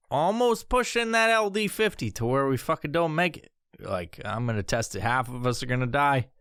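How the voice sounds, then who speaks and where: Profane, animated man ranting on a podcast. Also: clean tone, no room sound, clean studio sound. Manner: profane, animated, jumps into squeaky high voices for bits. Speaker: podcast host. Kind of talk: casual comedic podcast rant.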